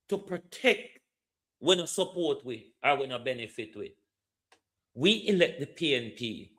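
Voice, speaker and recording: A man with a Jamaican accent hosting political commentary, lecturing and firing pointed questions at his listeners. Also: a little high.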